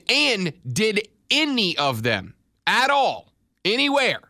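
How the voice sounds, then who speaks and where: Sports radio guy, high bright voice, cracks jokes, fires off stats, dry studio sound. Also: dry recording. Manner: wisecracking, rattles off stats fast. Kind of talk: casual sports radio talk. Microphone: studio mic.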